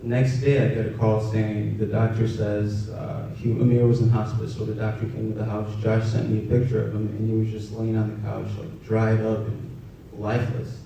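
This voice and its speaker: Soft-spoken young man, gravelly and far off. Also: monotone. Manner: halting, soft-spoken, many fillers. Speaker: storyteller. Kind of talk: personal storytelling. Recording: roomy, distant, dull with faint rumble.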